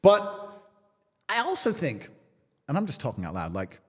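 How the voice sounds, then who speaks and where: A man's voice: on the high side, huge pitch swings, moderate pace, in a large hall. A man in a casual podcast conversation, talking in a defiant, emphatic way and swearing freely. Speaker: podcast guest.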